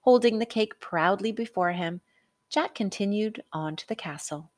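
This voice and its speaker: A woman narrating a children's storybook aloud, expressive and unhurried. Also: mid-range voice, dry recording.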